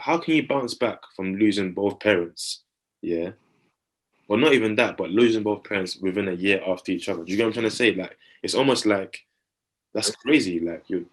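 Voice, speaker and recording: A man in his thirties, a podcast co-host, telling a personal story in an earnest, reflective way and often checking in with his listener. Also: deep voice.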